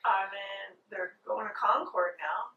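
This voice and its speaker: A man's voice: high-pitched, slow pace, pushed and bright, dull audio, a little hiss or hum. A man playing a tabletop game, casual and laughing. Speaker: player.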